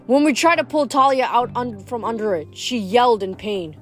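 A woman reading a novel aloud in steady narration, now and then stumbling over a word. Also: fairly high pitch, moderate pace, soft background music. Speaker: reader.

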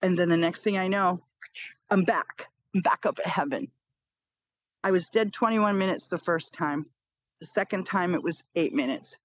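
A woman's voice: lowish voice, normal speed, no echo. Earnest middle-aged woman telling her story. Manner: earnest, repeats phrases for emphasis. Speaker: guest. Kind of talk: personal storytelling in an interview.

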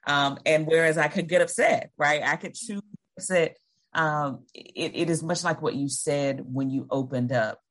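A woman's voice: low voice, moderate pace. A woman hosting a podcast, reacting in a reflective, casual way with fillers like "um" and "like". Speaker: podcast host.

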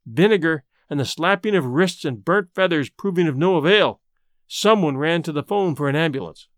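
A man's voice: on the high side, lively intonation, moderate pace, a bit bright, no echo, studio quality. Male storyteller reading a classic tale. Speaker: storyteller and podcast host. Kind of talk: scripted narration of a classic short story.

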